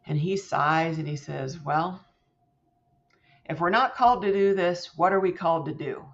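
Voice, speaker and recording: A middle-aged woman, a podcast guest, telling a personal story in an animated way and acting out quoted voices with big jumps in pitch. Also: normal speed. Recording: slightly muffled lo-fi sound.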